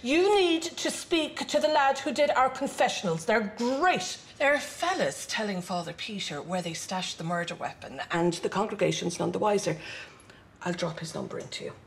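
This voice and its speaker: An actress playing a sardonic middle-aged nun headmistress in a sitcom, with a dry, withering deadpan delivery. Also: female voice, mid-range voice, moderate pace, close to an everyday voice. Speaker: school headmistress. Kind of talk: broadcast sitcom acting.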